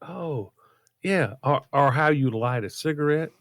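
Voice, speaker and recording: A man's voice: on the high side, animated, measured pace, no room sound, clean studio sound. A man co-hosting a podcast, chiming in with short agreeing replies in casual chat. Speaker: podcast co-host.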